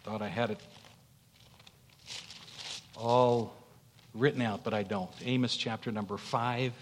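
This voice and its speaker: A man preaching a sermon as pastor, emphatic, swelling to loud peaks and stumbling through fillers. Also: medium pitch, fairly even intonation, a little slow, a little hiss or hum. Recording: long hall reverb.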